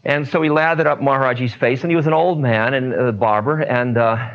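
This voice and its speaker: A man telling spiritual stories to listeners in an unhurried talk, pausing often with fillers. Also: medium pitch. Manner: unhurried, many pauses and fillers. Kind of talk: storytelling talk. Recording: dull lo-fi recording.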